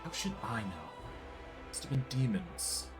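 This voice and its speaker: A man's voice: on the low side, animated, a little slow, over music. A man reading aloud the lines of a cocky, teasing mercenary woman in a game.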